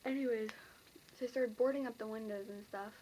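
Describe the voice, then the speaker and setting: Teen girl, bright-ish voice, rambly vlog storytelling, faint room hiss. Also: on the high side, fairly even intonation, normal speed, rough recording. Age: teens. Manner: rambling, filler-heavy, breathless retelling. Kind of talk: casual storytelling to camera.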